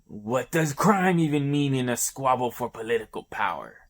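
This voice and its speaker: A man's voice: mid-range voice, animated, normal speed. A man doing a creepy old seer woman. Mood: ominous. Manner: cryptic, ominous pronouncements.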